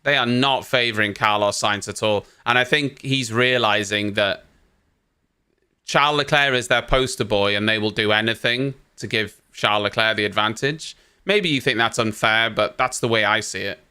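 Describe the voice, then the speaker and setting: A man's voice: fairly low pitch, normal speed, bright, forceful tone, clean tone. A young man hosting a race watchalong, giving live reaction commentary in an exasperated, ranting way and swearing casually.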